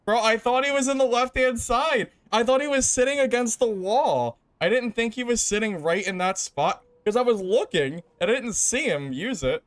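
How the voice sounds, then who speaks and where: A young man commenting casually while playing a game, swinging between loud laughing disbelief and low exasperated muttering. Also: expressive, moderate pace, few pauses, no echo. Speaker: game streamer.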